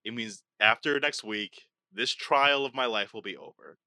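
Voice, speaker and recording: Male podcast host, very bright forceful tone, dry close sound, theatrical and profane. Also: medium pitch, normal speed, no echo. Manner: theatrical mock outrage, profane. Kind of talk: casual chat.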